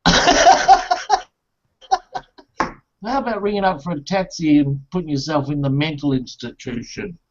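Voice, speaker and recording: A male host leads a casual chat, joking around and rambling through stories while swearing often. His intonation is lively, his pace a little slow with long pauses, and the audio is muffled and low-fidelity.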